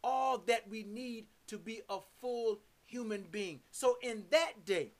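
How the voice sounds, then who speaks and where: A woman's voice: a little high, slow. A woman preaching a sermon, stressing words and syllables and repeating lists of terms as she works through scripture.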